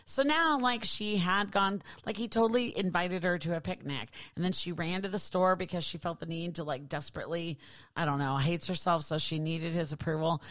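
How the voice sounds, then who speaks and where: A woman with a low voice hosts a podcast, rambling through a story with sarcasm and swearing. Her voice sits close to the mic, dry with no room sound. She talks loosely, full of asides and restarts. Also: fairly bright tone, no echo. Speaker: podcast host. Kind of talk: casual podcast monologue.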